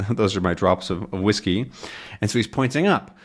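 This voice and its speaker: A man's voice: fairly low pitch, expressive, normal speed. A man teaching English to learners by reading a comic aloud, chatty and explaining as he goes. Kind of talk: comprehensible-input lesson, reading a comic aloud.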